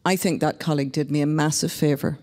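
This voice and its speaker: A woman's voice: low voice, steady tone, fast talker, darkish tone. A woman from Northern Ireland speaking as a panelist, talking in a reflective, candid and wry way. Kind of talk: panel discussion. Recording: long reverb of a hall.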